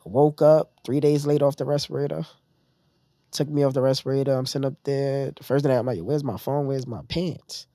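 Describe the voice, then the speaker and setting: A man tells his story in a relaxed interview and acts out the voices of the people around him. The sound is close and dry. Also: medium pitch, brisk, no room sound. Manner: animated retelling, acting out others' lines. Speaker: podcast guest. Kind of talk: casual storytelling.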